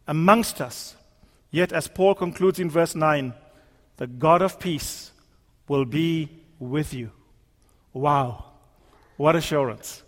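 A male preacher delivering a sermon in a church, using rhetorical repetition and emphatic pauses. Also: high voice. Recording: long hall reverb.

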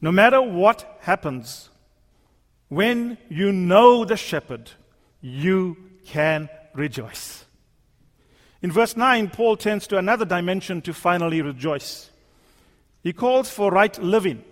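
Male preacher, high voice, emphatic, repetitive rhetoric, echoing church sermon. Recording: long hall reverb.

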